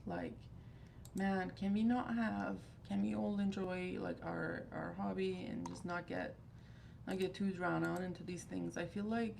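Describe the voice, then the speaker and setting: A woman's voice: lowish voice, fairly even intonation, measured pace, vocal fry, a little mellow, a little hiss or hum. A woman in her thirties hosting a livestream, talking in a rambling, candid and exasperated way. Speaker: livestream host of a fragrance group. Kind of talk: casual chat.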